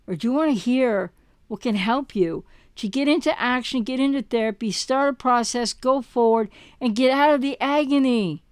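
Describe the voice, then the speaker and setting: A woman coaching people through relationship recovery gives a fervent monologue straight to camera, stressing points by repeating words and asking rhetorical questions. She has a fairly high, clean-toned voice at a moderate pace, recorded dry with clean studio sound.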